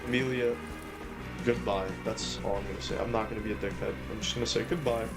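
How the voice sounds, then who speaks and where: A man's voice: lowish voice, steady tone, fast talker. A man live-streaming a game, ranting and swearing as he talks to his chat. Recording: game music behind.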